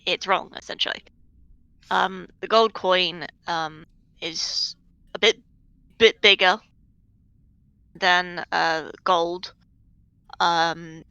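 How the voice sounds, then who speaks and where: A woman game master narrating a tabletop game, taking her time and stopping often for fillers as she works out each detail. Her voice sits on the low side and has a bright edge. The sound is dry and close. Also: clean tone, dry recording, rough recording. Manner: hesitant, full of fillers.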